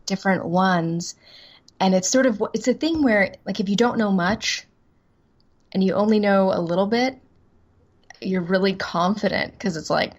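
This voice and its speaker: A woman's voice: mid-range voice, moderate pace, pauses often, lo-fi sound. A woman voice-over actress chatting as an interview guest, rambling and self-deprecating, laughing easily. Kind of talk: casual interview chat.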